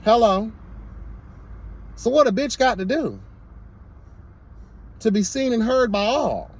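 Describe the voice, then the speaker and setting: A man's voice: very high-pitched, lively intonation, slow. A man vlogging his commentary in a sassy, emphatic rant, full of repeated exclamations. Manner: sassy, emphatic, repeats "girl" and "hello, God". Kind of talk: candid to-camera rant.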